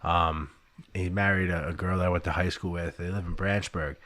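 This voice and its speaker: A man's voice: low voice, steady tone, brisk, a bit bright, no echo. A man in his thirties, a podcast guest, telling chatty stories and acting out what people said. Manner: chatty storyteller, acts out quotes. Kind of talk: casual chat.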